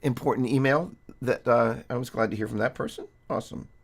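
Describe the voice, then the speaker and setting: A man's voice: medium pitch, fairly quick, vocal fry. A man hosting a casual live-stream guitar lesson, rambling and chatty, breaking off mid-sentence to greet viewers. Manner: rambling, self-interrupting, chatty.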